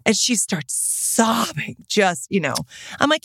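A middle-aged woman co-hosting a podcast, chatting casually and telling lively stories with acted-out quotes. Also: a little high, unhurried, breathy edge, no echo, clean studio sound. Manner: animated storyteller, lots of laughter and acted quotes. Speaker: podcast co-host. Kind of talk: casual chat.

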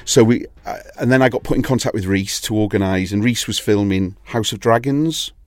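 A man's voice: on the low side, brisk, no echo. A Welsh man, a DJ and label owner, chatting in an interview and telling long anecdotes with many restarts. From Wales. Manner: rambling anecdotal storytelling, frequent restarts. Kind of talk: casual interview chat.

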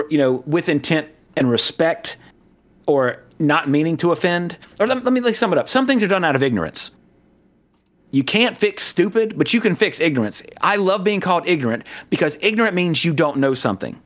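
A man from the American South in casual podcast chat, rambling with many fillers, restarts and asides. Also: fairly high pitch. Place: Southern California.

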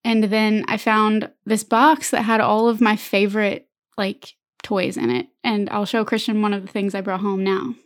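A young woman co-hosts a podcast, recounting stories in a chatty, casual way with frequent laughter. She speaks at a normal speed in a steady, medium-pitched voice.

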